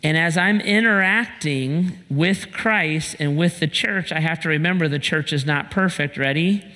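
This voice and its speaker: A man's voice: on the high side, unhurried, bright, forceful tone, long reverb tail. A male pastor giving a conversational sermon, asking rhetorical questions and telling personal stories.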